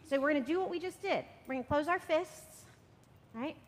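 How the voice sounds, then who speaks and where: Woman, children's sermon leader, high and gentle, coaxing; church reverb, faint rumble. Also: brisk. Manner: gentle, coaxing, often asks "right?". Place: church sanctuary.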